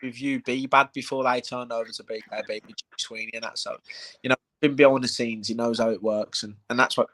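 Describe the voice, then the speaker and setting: A man's voice: medium pitch, steady tone, a little fast, a bit bright, poor audio. A man, a bare-knuckle fighter hosting a live chat, talking brashly and matey with plenty of swearing. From England.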